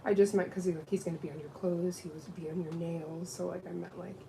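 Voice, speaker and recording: Chatty woman with a gravelly voice. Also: lowish voice, quick pace, a little hiss or hum, poor audio. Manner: chatty, with lively quoted voices. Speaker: nail technician. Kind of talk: casual livestream chat while working.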